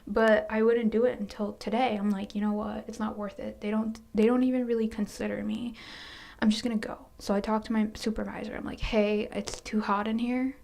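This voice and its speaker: A quiet, soft-spoken woman telling a casual storytime about her work, hesitant and sometimes sinking into near-whispers. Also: medium pitch, level tone, brisk, vocal fry. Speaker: storytime vlogger.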